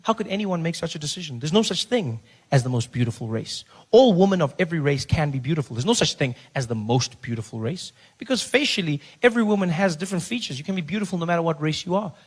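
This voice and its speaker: Animated comedian, high voice. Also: male voice, fast talker, hardly any pauses, slightly rough. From South Africa. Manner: animated, acts out other voices, shouts at the crowd. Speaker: stand-up comedian. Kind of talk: stand-up comedy set. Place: comedy club stage.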